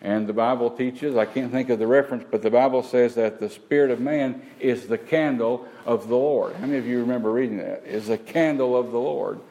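A man's voice: medium pitch, fairly quick, gravelly, hardly any pauses, warm tone, highs cut off. A man preaching a teaching sermon, asking the congregation rhetorical questions.

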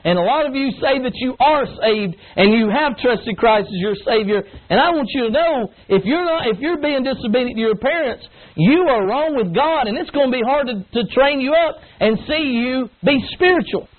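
A man's voice: very high voice, expressive, moderate pace, hardly any pauses. A middle-aged man, preaching an emphatic, folksy sermon to young people. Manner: folksy, emphatic, acts out whining kids with grunts. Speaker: pastor preaching to youth. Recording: tinny phone-like line, faint noise.

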